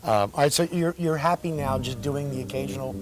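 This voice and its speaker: A man's voice: medium pitch, a little fast, music in the background, low-quality recording. Male TV host prompting his guest. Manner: brief prompting interjections. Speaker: TV interviewer, host. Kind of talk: interview questions.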